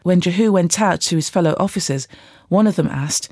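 Bible reader, scripture reading, steady delivery, mid-range voice, dry close recording. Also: mid-range voice, fairly quick, husky, no echo.

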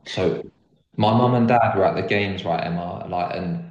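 A young man with a lowish voice tells his story in a loose, earnest ramble, leaning on filler words as he goes. The room around him is echoey and reverberant. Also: normal speed, darkish tone, muffled recording. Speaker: guest footballer. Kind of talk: casual storytelling chat. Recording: roomy echo.

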